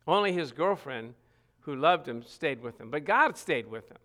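A middle-aged man preaching a sermon, earnest, stressing scripture with repeated phrases and some halting restarts. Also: on the high side, expressive, fairly bright tone. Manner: earnest, reads scripture aloud with emphatic repetition.

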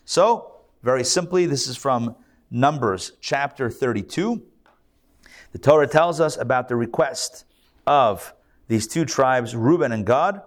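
A man's voice: medium pitch, animated, a little slow. A man teaching a live scripture class as a rabbi, speaking conversationally with fillers and restarts.

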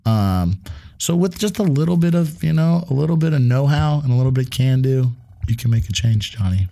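A man's voice: medium pitch, expressive, brisk, gravelly, dark tone. A man co-hosting a casual chat show, telling rambling, profane stories and acting out what people said. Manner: rambling, profane, laughs through stories, acts out quotes. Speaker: podcast co-host.

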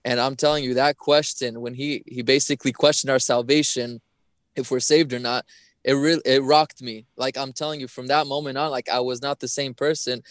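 A man's voice: mid-range voice, fairly even intonation, brisk, no room sound. A young man giving an earnest personal testimony as a podcast guest, often repeating and restarting his phrases.

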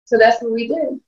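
A woman, a mother and life coach, telling stories in an interview, animated and often laughing as she acts out what others said. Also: a little high. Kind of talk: storytelling interview chat. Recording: roomy, distant, dull lo-fi sound.

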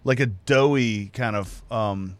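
A man's voice: lowish voice, no room sound. Jokey man co-hosting a beer show. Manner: jokey, quick asides. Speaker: co-host of a beer talk show. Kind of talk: casual chat.

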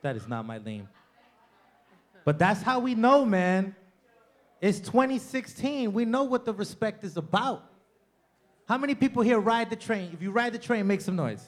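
A man doing a stand-up comedy set in a club, loud and profane, working the crowd and mocking people with impressions. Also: high-pitched, normal speed.

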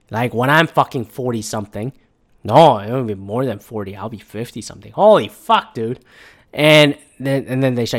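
A man's voice: a little high, moderate pace. Profane rambling man in his thirties. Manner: profane, rambling, goes off on tangents. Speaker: tech worker ranting on current events. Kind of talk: casual monologue rant.

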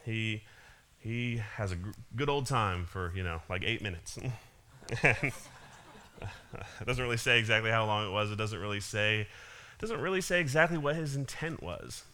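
A man's voice: fairly low pitch, lively intonation, moderate pace, long pauses, bright, forceful tone. A man giving a casual sermon, retelling a parable with frequent small laughs and restarts. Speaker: preacher.

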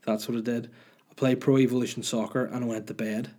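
A man's voice: mid-range voice, little pitch movement, fast, mellow. A young man with a Northern Irish accent, hosting a podcast in rambling, sweary, joking storytelling. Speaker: podcast host. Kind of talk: casual solo chat.

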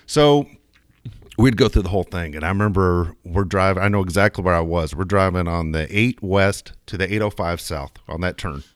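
A man's voice: deep voice, normal speed, no room sound, studio quality. A middle-aged man speaking frankly in a casual chat about his kids, often restarting his sentences. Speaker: podcast co-host.

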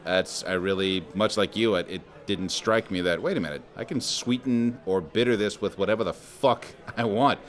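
A man's voice: fairly low pitch, normal speed, hardly any pauses. A man in casual podcast chat, making profane, sardonic and mock-outraged remarks.

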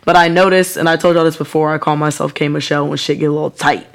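A woman's voice: deep voice, fast talker. A woman co-hosting a podcast, chatting casually, swearing a lot and doing voices when she tells stories. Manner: swearing, animated storytelling with put-on voices. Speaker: podcast co-host. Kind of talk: casual chat.

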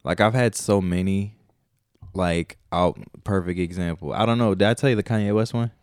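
A man's voice: low voice, fairly even intonation, moderate pace, clear, resonant tone, no echo, studio quality. A man co-hosting a podcast, telling rambling stories in casual chat, swearing a lot and acting out his own reactions. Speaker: podcast co-host.

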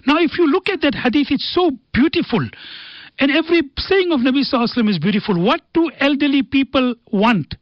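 Earnest radio guest. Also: male voice, very high voice, expressive, fast talker, dry recording. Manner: earnest storytelling with Arabic quotations. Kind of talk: radio talk on faith and family. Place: radio studio. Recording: dull dry radio studio sound.

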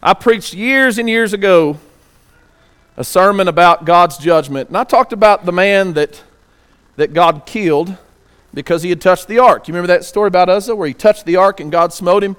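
High-voiced preaching man. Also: a bit bright, clean tone. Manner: preaching with rhetorical questions; reads scripture aloud slowly. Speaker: pastor. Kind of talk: sermon.

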